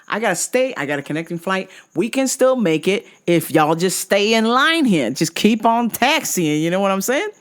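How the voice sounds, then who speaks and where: A woman with a lower voice retells a travel ordeal in a casual vlog. Her pitch swings widely as she gets worked up, and she swears freely. She drags out key words when she wants them to land. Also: moderate pace, hardly any pauses, smooth. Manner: profane, exasperated, animated retelling. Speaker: vlog host. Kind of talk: casual storytelling rant.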